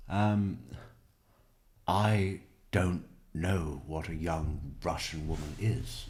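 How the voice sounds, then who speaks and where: A man's voice: low-pitched, fairly even intonation, extremely slow, darkish tone, a little hiss or hum. A man giving casual true crime commentary, sarcastic and mocking as he mimics what he watches.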